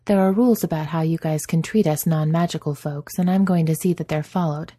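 A woman's voice: deep voice, fairly even intonation, a little fast, dark tone, no echo, studio quality. A woman voicing a firm, defiant young princess. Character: bold, sharp-tongued young princess.

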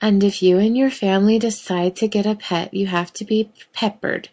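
A woman voicing an awkward young female pet store clerk who lisps and reads haltingly from a script. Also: mid-range voice, fairly even intonation, dark tone, natural voice. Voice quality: lisping, slurping. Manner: hesitant, reading from a script.

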